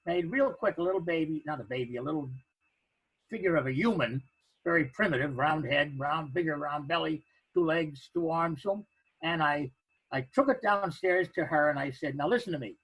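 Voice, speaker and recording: An older man telling a personal anecdote, halting and restarting, acting out the other people's lines. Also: on the high side, fairly bright tone, breathy edge, no room sound, rough recording. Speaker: storyteller.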